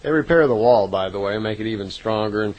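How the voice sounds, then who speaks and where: A man's voice: lowish voice, lo-fi sound. Man casually retelling a story with fillers. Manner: unhurried, conversational, frequent "uh" fillers and self-corrections. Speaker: narrator recounting contact reports.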